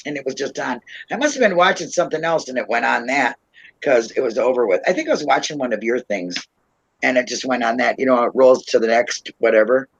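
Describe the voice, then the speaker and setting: A woman's voice: rumbling low, expressive, brisk, slightly rough, dry recording, lo-fi sound. A woman hosting a casual livestream chat, tipsy from wine, rambling and laughing often. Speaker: livestream host.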